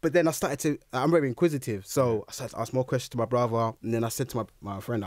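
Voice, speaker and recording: A young man, a guest in a casual interview, telling his story in an animated way and acting out his own reactions. His voice is recorded dry and close. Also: mid-range voice, racing, few pauses, no room sound.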